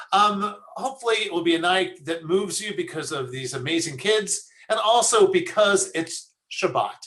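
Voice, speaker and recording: Bright-voiced, high-pitched rabbi on a video call. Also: male voice. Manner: chatty, jokey, tells corny puns. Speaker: rabbi leading a service. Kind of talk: casual online service hosting.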